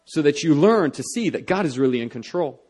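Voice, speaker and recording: A young man delivering a sermon, earnest and conversational, circling back with fillers and restarts as he talks. His voice sits a little high for a man. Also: expressive, brisk, a little mellow. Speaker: pastor.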